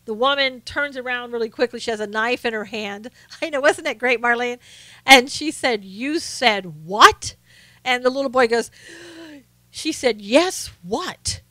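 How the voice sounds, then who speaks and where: A woman's voice: a little high, brisk, bright, forceful tone, dry recording. A woman from the South, hosting a casual live stream, chatting to viewers and often laughing. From American South. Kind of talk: casual political chat reading viewer comments.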